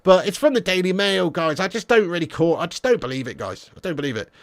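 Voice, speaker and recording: Man, fan livestream host, slightly high voice, teasing chatty banter. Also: fast. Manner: excitable banter, teasing viewers. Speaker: football fan channel streamer. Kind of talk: live stream chat, reading viewer comments.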